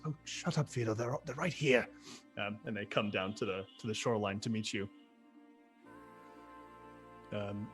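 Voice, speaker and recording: A man narrating as game master for a tabletop game, in a casual, halting way with many fillers. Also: medium pitch, fairly bright tone.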